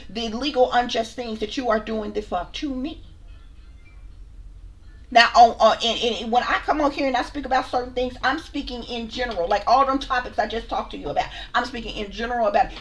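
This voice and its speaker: A woman's voice: on the high side, slight background noise. Blunt, profane woman ranting to viewers. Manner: blunt, profane, sassy, repeats herself. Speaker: channel host, spiritual reader. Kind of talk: heated casual rant to camera.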